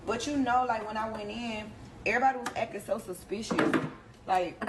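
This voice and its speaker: Animated woman telling a story casually. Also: fairly high pitch, brisk. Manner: animated, slangy, talks straight to the audience. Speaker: reality show personality telling a story. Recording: background noise under the voice.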